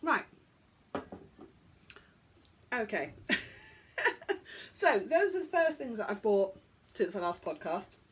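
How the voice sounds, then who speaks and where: A woman's voice: mid-range voice, sing-song, slow, pauses often. A woman hosting a podcast, chatting casually and joking at her own expense as she stumbles over foreign words. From England. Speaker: podcast host.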